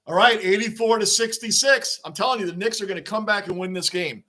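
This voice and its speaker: A man hosting a live sports reaction stream, excitable and rambling as he answers viewers' chat. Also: high-pitched, fairly quick. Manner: excitable, talks back to chat comments, rambling.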